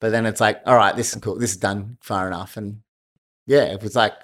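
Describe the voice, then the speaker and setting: A man's voice: lowish voice, steady tone, fairly quick, fairly bright tone. A man telling a fight story in a casual chat, swearing and laughing often. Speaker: guest, martial arts fighter.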